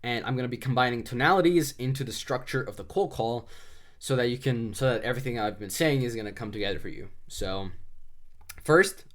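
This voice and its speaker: A man's voice: medium pitch, fairly quick, a bit bright. A man giving loose, conversational cold-calling advice, full of fillers and restarts, sounding slightly congested. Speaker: sales trainer. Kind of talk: casual instructional talk.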